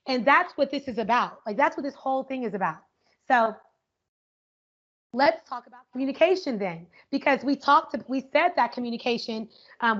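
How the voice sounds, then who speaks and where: An energetic woman teaches an online workshop in an upbeat, conversational way. She keeps checking in with her listeners and her voice sits fairly high. The video call audio is dull and lo-fi. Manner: energetic and upbeat, often asks "right?". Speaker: educator leading an online workshop. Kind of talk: interactive online workshop talk.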